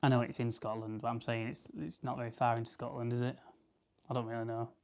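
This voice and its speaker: The speaker is a young livestream host from South Yorkshire, England, whose medium-pitched voice is creaky and darkish, level in tone and quick. While plucking grouse he rambles casually, reading out comments from viewers and answering them.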